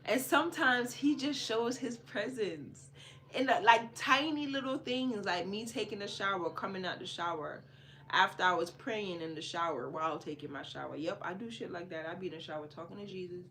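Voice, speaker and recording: Jamaican woman podcast host, bright tone, casual animated storyteller, swings from hushed to loud. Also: mid-range voice, moderate pace, slight background noise. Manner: animated, repeats phrases for emphasis, swings between hushed and loud.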